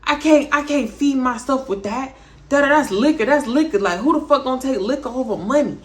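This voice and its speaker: A woman voicing a blunt young male dealer who brushes off a low offer. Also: lively intonation, fairly quick. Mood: dismissive. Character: blunt dismissive young man, street dealer.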